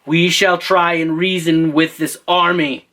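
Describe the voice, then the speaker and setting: A man's voice: fairly high pitch, level tone, a little slow, bright, forceful tone. A man voicing a bookish, earnest young king in a put-on British accent, speaking stiffly and formally. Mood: determined.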